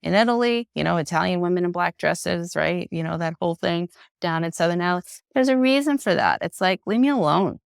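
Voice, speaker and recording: A woman psychotherapist talks openly on a podcast, her voice deeply gravelly with fry throughout. The sound is close and dry, with no room around it. She is reflective and frank, drawing on her own story. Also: fairly quick, no room sound. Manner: reflective, expressive, acts out quoted voices; frank and personal. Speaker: psychotherapist guest. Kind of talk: unscripted podcast conversation.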